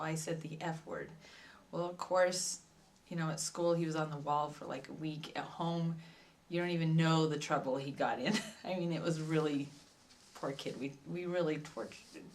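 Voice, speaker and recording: Mom telling a story about her kid, soft and low, sounds kinda far from the mic. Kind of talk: casual storytelling. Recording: distant mic.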